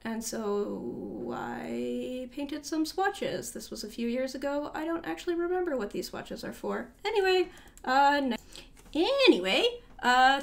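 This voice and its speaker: A woman's voice: sits high, creaky. A young adult woman casually talking through a tour of her sketchbooks, chatty and rambling, often trailing off and correcting herself. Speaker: artist showing her sketchbook.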